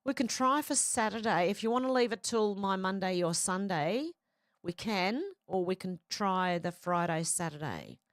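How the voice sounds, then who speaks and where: A woman's voice: mid-range voice, normal speed, no echo, clean studio sound. A woman hosting a casual livestream, reading viewer comments aloud and chatting back with frank, swearing banter. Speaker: show host reading live chat.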